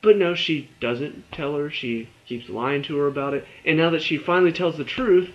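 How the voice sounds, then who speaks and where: A young man with a slightly high voice rants through a casual TV review, exasperated and tripping over his own words. The recording is dull and lo-fi, with the top end muffled. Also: moderate pace. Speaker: TV review vlogger.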